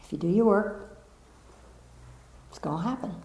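A woman's voice: medium pitch, moderate pace, mellow. A woman spiritual teacher giving a talk to a live audience, emphatic and repetitive, with playful asides. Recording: roomy echo of a meeting room.

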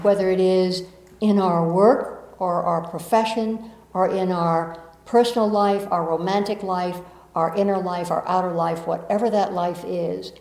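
A woman's voice: mid-range voice, darkish tone. Southern woman giving a spiritual talk. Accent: American Southern. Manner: earnest, reflective, with playful asides. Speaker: spiritual teacher. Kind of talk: inspirational talk to an audience. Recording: echoey room.

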